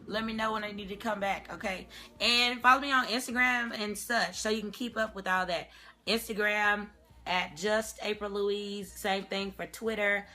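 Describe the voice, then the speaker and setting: A young woman with a Southern US accent, an actress and singer chatting casually to the camera in an animated way, dropping "y'all" and "child". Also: medium pitch, moderate pace.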